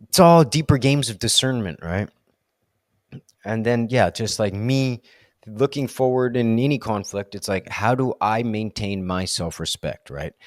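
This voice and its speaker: Low-voiced man musing candidly. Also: no room sound, clean studio sound. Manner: rambling, full of "like" and "right?"; candid, self-questioning. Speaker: vlogger. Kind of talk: reflective solo monologue.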